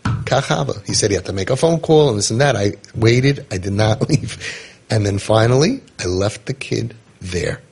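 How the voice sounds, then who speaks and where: A man's voice: fairly low pitch, normal speed, creaky, slightly rough. A man, casually telling a story and acting out the dialogue with lots of restarts. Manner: animated storyteller, acts out dialogue, many restarts. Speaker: parenting guide telling a story.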